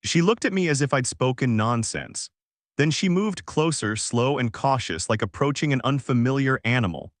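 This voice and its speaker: A man giving measured, dramatic first-person narration of a sci-fi story. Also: mid-range voice, animated, dry recording, studio quality.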